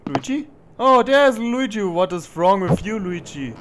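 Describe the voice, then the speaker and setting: Brief: male gamer, high-pitched, jumpy self-talk, noisy recording. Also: very animated, unhurried. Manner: jumpy, talks to himself, yelps when startled. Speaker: let's play gamer. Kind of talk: horror game commentary.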